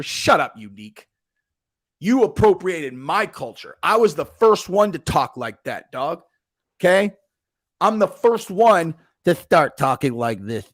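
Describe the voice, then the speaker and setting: A man hosting a podcast, ranting and cracking crude jokes in an excitable, profane way. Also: on the high side, a little slow. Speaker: podcast host. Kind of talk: crude comedic banter.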